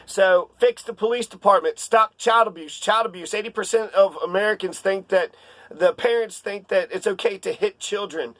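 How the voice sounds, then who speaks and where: Heated male commentator, sarcastic rant, high-pitched, dry close mic. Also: normal speed, fairly bright tone, no echo. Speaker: political commentator. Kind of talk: casual ranting commentary.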